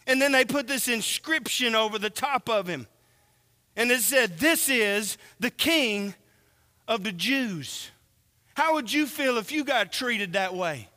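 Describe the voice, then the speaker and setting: A man preaching a sermon, slow and earnest, asking the congregation questions as he reads from scripture. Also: extremely high pitch, lively intonation, sharp tone, long reverb tail.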